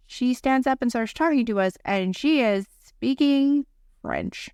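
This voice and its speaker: Animated woman telling a story. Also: sits high, moderate pace, clean tone, dry recording. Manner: animated anecdote-telling, acts out quotes, swears casually. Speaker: podcast co-host. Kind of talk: casual chat, storytelling.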